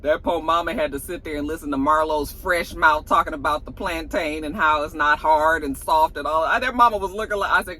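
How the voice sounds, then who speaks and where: A woman recapping a reality show episode in a chatty, gossipy way, with animated asides. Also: sits low, brisk. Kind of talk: casual chat.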